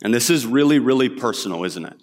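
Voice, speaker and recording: A man's voice: mid-range voice, animated, fast. Earnest male preacher in a reverberant hall. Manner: earnest, conversational with fillers and vivid storytelling. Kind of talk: sermon. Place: church sanctuary.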